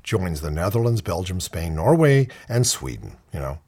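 A man's voice: big pitch swings, moderate pace, a little mellow, slightly rough. A man hosting a talk radio show, reading news items and trailing off into wry asides. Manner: jokey, trails off into low asides. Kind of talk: casual news banter. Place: lives on an island in Washington State, US.

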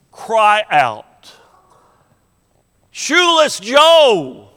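A man preaching a sermon, telling a story with dramatic pauses and emphasis. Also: high-pitched, pushed and bright, big-room sound.

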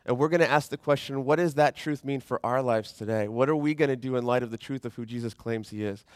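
Conversational pastor preaching, dry sound. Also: male voice, medium pitch, no echo. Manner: conversational, animated, slows down to read scripture. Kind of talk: sermon.

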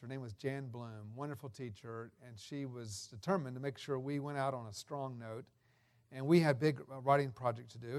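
A man in his sixties giving a sermon full of personal stories, folksy and unhurried with fillers and restarts. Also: medium pitch, darkish tone. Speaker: guest preacher.

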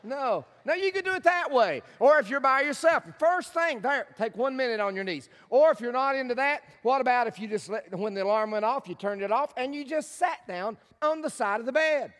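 High, lively preacher man in a reverberant church. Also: fairly quick, hardly any pauses. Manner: folksy and humorous, leads the congregation in call and response. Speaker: guest preacher. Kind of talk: sermon. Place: church sanctuary. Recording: long church hall reverb.

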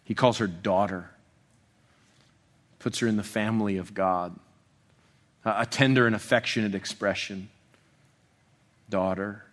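A man preaching an expository sermon in a conversational way, full of restarts, dropping soft and slow on tender passages. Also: on the low side. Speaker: pastor.

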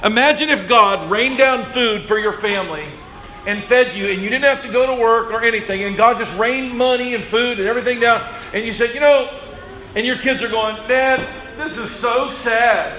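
A man preaching a sermon as pastor, telling the story with animated voices and calling on listeners by name. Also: very high-pitched, a little fast, a little hiss or hum, poor audio. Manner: speaks directly to congregation members by name.

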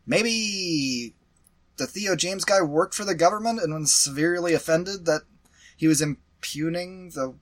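Man, podcast co-host, bright and slightly high voice, animated and exasperated, casual swearing. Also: a little slow. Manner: animated, exasperated storytelling with profanity. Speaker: podcast co-host reviewing a movie. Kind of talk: casual chat.

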